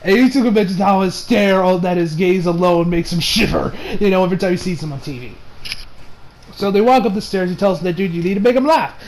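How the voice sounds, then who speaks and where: High-voiced young man rambling through a review. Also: brisk, darkish tone, poor audio. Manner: rambling, laughs often, swears. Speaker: anime reviewer. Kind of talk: casual episode review.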